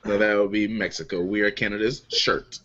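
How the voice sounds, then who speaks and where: A man's voice: fairly low pitch, brisk, a crowd in the background. A man hosting a casual online beer chat show, joking and laughing as he introduces guests. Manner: lively, laughs often, loose and joking. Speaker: podcast host. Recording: lo-fi online call audio.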